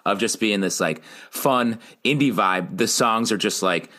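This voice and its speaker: A man's voice: fairly low pitch, unhurried, bright, forceful tone. A man hosting a casual podcast chat, teasing his co-hosts and swearing casually as he makes his points. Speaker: podcast host.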